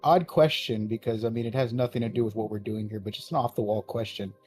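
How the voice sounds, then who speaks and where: A man's voice: on the low side, steady tone, fast, a little mellow, husky, no room sound, soft background music. A man co-hosting a casual podcast, trading crude jokes and banter. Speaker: podcast co-host.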